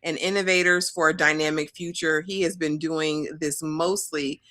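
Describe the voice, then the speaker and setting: A woman with a lower voice than the others, co-hosting a live recap. She shares gossip and reads out what she found, her tone bright. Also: steady tone, moderate pace.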